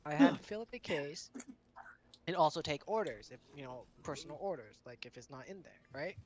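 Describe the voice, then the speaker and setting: A man's voice: fairly high pitch, expressive, a little fast, darkish tone. A man chatting with friends while gaming, rambling on with lots of fillers. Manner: rambling, filler-heavy talk. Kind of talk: casual chat over voice chat. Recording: clear noise behind the voice.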